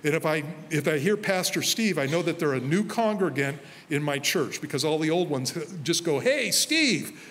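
Fairly high-voiced pastor, chatty sermon. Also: male voice, moderate pace, hardly any pauses. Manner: conversational preaching with anecdotes. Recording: faint hall reverb with light noise.

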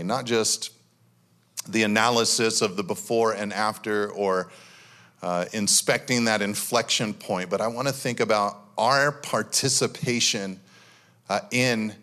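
A man pastor giving a sermon in a church, talking in a loose, conversational way with lots of fillers and animated bursts. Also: on the low side, a little slow.

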